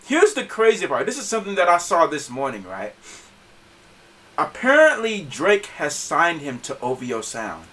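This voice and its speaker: A man's voice: a little high, normal speed, distant mic. A man hosting a casual podcast, laughing often and stumbling over his words as he talks. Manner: laughs often, stammers and restarts, animated. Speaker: podcast host.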